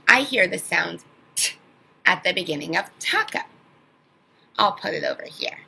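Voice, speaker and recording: A woman teaching an online phonics lesson to young children, sounding out words slowly and with exaggerated emphasis. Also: lowish voice, lively intonation, creaky, bright, forceful tone, husky, rough recording.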